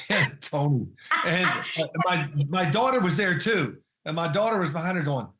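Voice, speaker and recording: A man's voice: a little high, moderate pace, fairly bright tone, echoey room. An older man, a former quarterback, chatting as a guest in an interview and rambling through anecdotes with chuckles. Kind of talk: casual interview chat.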